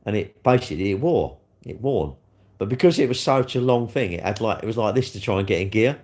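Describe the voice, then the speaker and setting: A man's voice: on the low side, animated, fairly quick, darkish tone. A middle-aged man, rambling casually on a live stream, swearing freely and answering viewer comments. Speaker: livestreamer.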